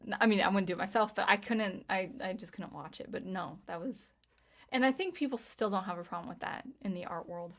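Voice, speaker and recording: A woman in her thirties chatting casually on a livestream as she reads viewer comments, talking in a halting way with frequent restarts. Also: medium pitch, fairly bright tone. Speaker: livestream host, music teacher and composer.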